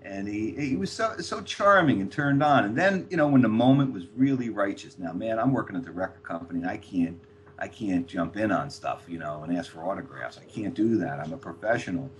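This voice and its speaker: An older man with a fairly low voice tells anecdotes with energy, slipping into the voices of the people he quotes. A faint hum sits under the recording. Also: a little fast. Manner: animated anecdote teller, acting out quoted voices. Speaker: author guest. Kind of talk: storytelling anecdotes.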